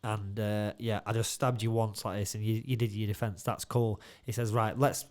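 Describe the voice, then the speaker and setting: Here the co-host speaks with a fairly low pitch, a level tone, and a moderate pace, sounding a little mellow. It's a loose studio podcast chat where he laughs, swears often, and spins animated stories.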